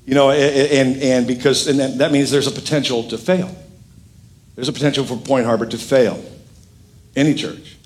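A middle-aged man preaching a sermon as pastor, animated and emphatic with frequent jokes. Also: mid-range voice, normal speed, slight background noise.

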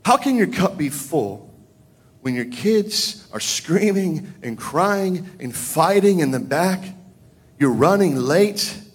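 In a sing-song, slightly rough voice, a pastor works slowly through his sermon, his tone and volume swinging broadly as his points gather force.

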